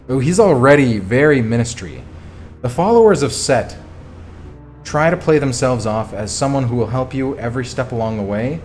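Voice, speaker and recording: A man's voice: mid-range voice, sing-song, measured pace, long pauses, a little mellow. A man streaming himself reading a text adventure game aloud, chatty, with casual asides. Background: faint background music.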